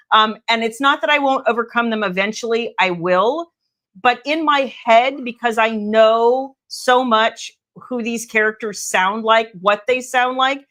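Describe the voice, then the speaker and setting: A woman's voice: on the high side, sharp tone. A middle-aged woman, a romance author, chatting casually on a livestream with rambling asides to viewers. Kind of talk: casual live chat.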